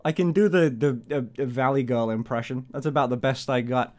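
A man's voice: a little fast, darkish tone. A young man hosting a live stream, chatting in a rambling, giggly way and swearing often. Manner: rambling, swearing, giggly, high-pitched laughs. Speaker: livestream host. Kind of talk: casual live-stream chat.

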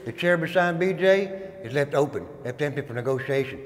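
A former inmate leads a tour inside an old prison, his slightly high, expressive voice moving briskly. He tells dramatic, folksy stories and calls his listeners guys, with the long echo of a stone hall around him.

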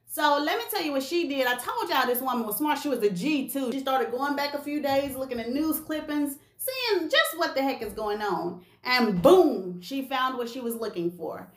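Sassy high-voiced woman telling gossip. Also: expressive, normal speed, hardly any pauses, roomy sound. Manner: sassy, slangy, acts out quoted voices. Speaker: gossip video host. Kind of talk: animated storytelling to camera.

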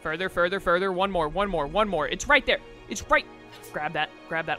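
A man's voice: high voice, fairly quick, pushed and bright, soft background music. A young man casually commenting on a video game as he plays, often exasperated and talking back to the game. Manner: exasperated, chatty, talks to the game. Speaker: let's play host.

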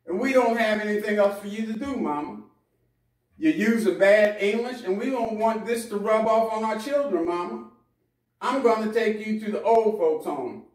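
A man's voice: high voice, moderate pace, reverberant, recorded from a distance, close to an everyday voice, low-quality recording. A man preaching acts out a grown son who coaxes his mother toward an old folks home. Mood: cold. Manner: coaxing, falsely reassuring. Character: smooth-talking grown son sending his mother away.

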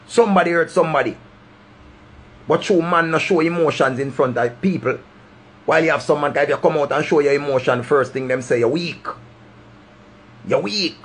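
A man's voice: on the high side, a bit bright, breathy edge. A man with a Jamaican accent giving impassioned, preachy advice straight to camera, repeating his points for emphasis. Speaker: vlogger giving life advice.

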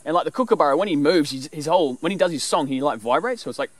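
A man talks through animal calls in a casual, wandering way. His voice sits a little high and swings widely up and down. He often drops into bird call imitations. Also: expressive, very fast, heavy background noise. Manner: loose and rambling, breaks into bird call imitations. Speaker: presenter teaching animal call mimicry. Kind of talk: casual explanatory talk.

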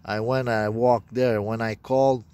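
A man's voice: medium pitch, little pitch movement, a little slow, dark tone, smooth. A man telling a rambling personal story, profane and meandering, with broken grammar. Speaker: self-described prophet.

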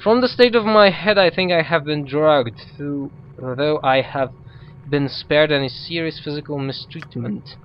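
A man's voice: fairly high pitch, unhurried, lo-fi sound, a little hiss or hum, close to an everyday voice. A man who is not a native English speaker, reading a stern female druid's lines aloud in his own plain voice. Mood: steady. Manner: reads written dialogue aloud in a plain voice.

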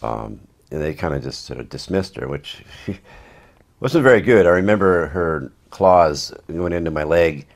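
A man's voice: sits low, animated, a little slow, vocal fry. A man, an actor in an interview, telling rambling anecdotes in a casual, wry way with dry asides.

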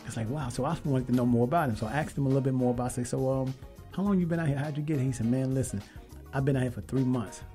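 A man hosting a radio talk show, telling a story with lively, emphatic quoted dialogue. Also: medium pitch, very fast, faint music behind. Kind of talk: casual storytelling and interview.

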